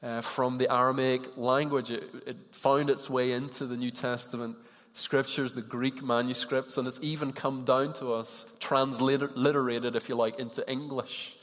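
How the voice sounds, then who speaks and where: In a church hall before a congregation, a man delivers a sermon in a conversational way, putting questions to the people listening. His voice is medium-pitched and fairly bright, with little pitch movement and a moderate pace, and the recording carries the long reverb of a large hall.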